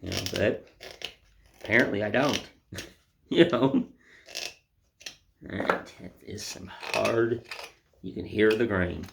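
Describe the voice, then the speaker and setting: A man's voice: lowish voice, takes it slowly, gravelly, long pauses, background noise. An older man giving a casual, rambling woodcarving lesson in a folksy, self-deprecating way. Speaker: woodcarving instructor. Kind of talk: casual hands-on demonstration.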